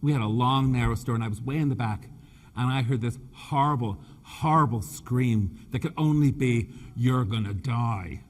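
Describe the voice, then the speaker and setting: Man, husky voice, campy chatty stage presenter with a slight stutter. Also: medium pitch, moderate pace. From Nova Scotia, Canada. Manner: chatty, teasing, camp humor, calls people honey and dear; stutters a bit. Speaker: floral designer presenter. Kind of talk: live stage demonstration talk. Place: main stage at a trade show.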